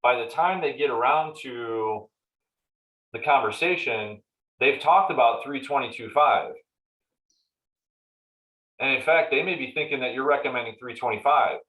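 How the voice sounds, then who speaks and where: A man's voice: mid-range voice, measured pace, long pauses. A man leading a casual training session for real estate agents, talking conversationally and walking through examples. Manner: conversational, acts out client dialogues in animated voices. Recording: roomy echoey meeting room.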